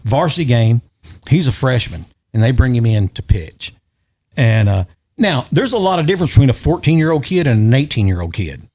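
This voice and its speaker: A man's voice: mid-range voice, brisk. Middle-aged man spinning a story. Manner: animated, acts out quoted voices. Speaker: podcast guest or host. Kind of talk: casual storytelling chat.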